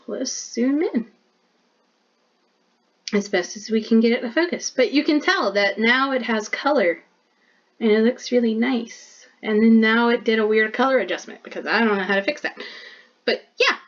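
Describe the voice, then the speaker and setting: A woman's voice: on the high side, normal speed. Chatty bubbly young-sounding woman, lo-fi. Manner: chatty, bubbly, many "like" fillers. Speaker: artist showing her sketchbook. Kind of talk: casual narration while drawing.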